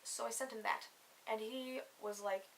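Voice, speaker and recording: A young woman vlogger telling a comic story to camera, swearing a lot and swinging between loud outbursts and low mutters. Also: steady tone, normal speed. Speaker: comedy vlogger. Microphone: camera mic.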